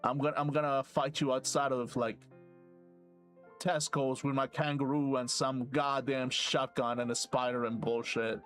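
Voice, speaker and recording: A man's voice: sits high, normal speed, hardly any pauses, fairly bright tone, clean tone, soft background music, pitched above the performer's own voice. A man putting on a crude, hot-headed Australian bloke who swears and threatens. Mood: aggressive.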